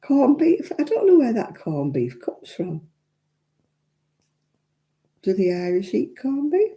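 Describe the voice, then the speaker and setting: A frank, chatty Englishwoman hosts a live crafting stream, answering her viewers' comments as she goes. Her voice is very dark and mellow. She laughs easily and speaks her mind. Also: on the high side, huge pitch swings, takes it slowly. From England. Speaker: crafting livestream host. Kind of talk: chatty livestream talk.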